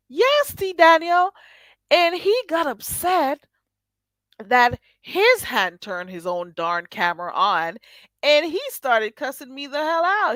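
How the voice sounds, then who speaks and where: A woman's voice: fairly high pitch, no echo. A woman hosting a casual livestream, reading and answering her viewers' chat with lots of laughter. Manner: animated, laughing, talks back to chat. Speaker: livestream host.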